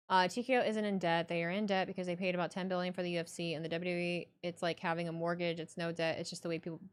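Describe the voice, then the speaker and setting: A young adult woman streaming live, reading chat and talking in a blunt, profane, animated way. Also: lowish voice, fast talker, hardly any pauses, clear, resonant tone.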